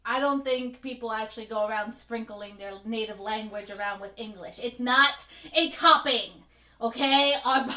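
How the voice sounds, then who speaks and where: A bilingual woman co-hosting a podcast, chatting casually in an animated, opinionated way, laughing now and then. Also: high voice, roomy sound. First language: Spanish. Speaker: podcast co-host. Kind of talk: casual chat.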